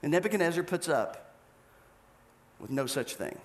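A male pastor preaching a sermon, telling a story with animated delivery and acted-out scenes. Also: on the high side, moderate pace.

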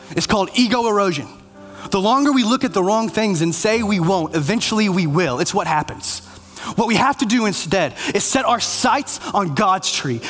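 Earnest male preacher, high voice, long church reverb, faint music behind. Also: fairly bright tone. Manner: earnest, conversational, self-deprecating. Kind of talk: sermon.

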